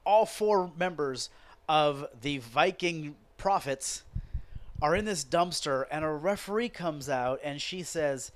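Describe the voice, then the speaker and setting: A man's voice: fairly high pitch, takes it slowly. Profane ranting man on a podcast. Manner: animated, profane, sarcastic ranting. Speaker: podcast host. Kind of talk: casual ranting wrestling commentary.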